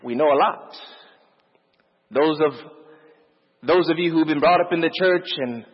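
A man's voice: a little high, unhurried, breathy edge, big-room sound, dull audio. A man preaching a sermon with emphatic delivery, repeating key phrases for effect.

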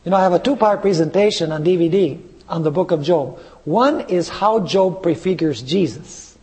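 Male preacher, high voice, reads verses slowly and quizzes the congregation. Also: darkish tone, long reverb tail. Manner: reads scripture aloud slowly, asks the audience questions. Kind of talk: sermon.

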